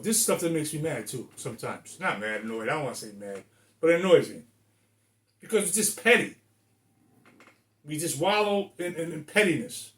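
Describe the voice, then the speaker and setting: A man's voice: on the high side, lively intonation, moderate pace, long pauses, a bit bright. A man in his sixties from Rhode Island, ranting bluntly and emphatically to the camera with plenty of profanity. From Rhode Island, USA. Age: 60s. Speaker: vlogger. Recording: echoey room.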